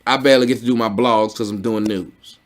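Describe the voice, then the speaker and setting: A man hosting a commentary video, ranting in a blunt, profane, mocking way that swings from low grumbling to loud exclamations. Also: fairly even intonation, fairly quick. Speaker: commentary channel host.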